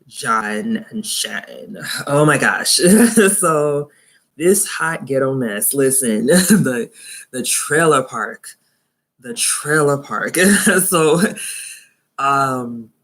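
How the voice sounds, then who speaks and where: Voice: medium pitch, a bit bright. Chatty reviewer who laughs a lot. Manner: chatty, laughs often, incredulous asides. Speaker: TV show reviewer. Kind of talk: live casual review commentary.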